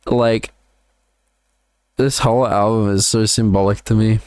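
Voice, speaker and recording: A man's voice: on the low side, fairly even intonation, measured pace, darkish tone, clear, resonant tone, no room sound. A man with an Australian accent casually breaking down his own songs, rambling with lots of "like" and repeated words. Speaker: musician breaking down his album.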